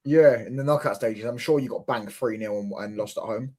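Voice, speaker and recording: A man's voice: medium pitch, a little fast, darkish tone. A young man co-hosting a football watchalong, quizzing and teasing his co-host in slangy casual chat.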